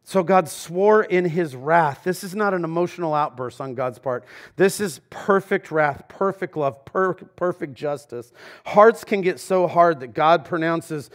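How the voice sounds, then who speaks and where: A male pastor speaks to his congregation in a church sanctuary in a high-leaning voice at a moderate pace. His conversational sermon shifts between loud, emphatic moments and quiet asides.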